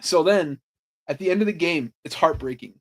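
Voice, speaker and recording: A man on a podcast telling sports stories in a casual, animated way, swearing freely and saying "like" a lot. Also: on the high side, moderate pace. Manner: animated storytelling, swears freely, lots of "like" fillers. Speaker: podcast host. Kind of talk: casual chat.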